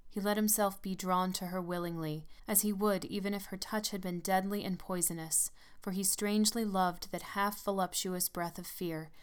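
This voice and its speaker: A woman narrates a gothic tale in a measured, hushed reading. Her voice is smooth and clear, set at a middle pitch. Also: fairly even intonation. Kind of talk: audiobook narration.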